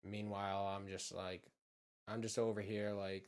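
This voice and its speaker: Boston guy, lowish voice, swearing and rambling while he draws. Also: little pitch movement, moderate pace. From just south of Boston. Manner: rambling, profane, laid-back. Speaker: channel host. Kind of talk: casual chat while drawing.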